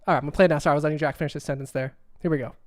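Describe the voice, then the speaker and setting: Fast-talking man hosting a livestream. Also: a little high, fairly even intonation, darkish tone. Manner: rambling, repeats himself while cueing up clips. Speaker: livestream host. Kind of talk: casual livestream chat.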